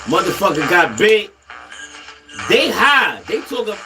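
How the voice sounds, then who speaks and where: A man telling a comic story in a loud, animated and profane way, repeating himself for effect. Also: sits high, a little slow, music in the background.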